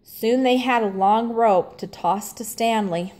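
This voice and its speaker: A woman reading a children's storybook aloud in a gentle, clearly paced narration. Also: fairly high pitch, a little slow. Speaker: storybook reader.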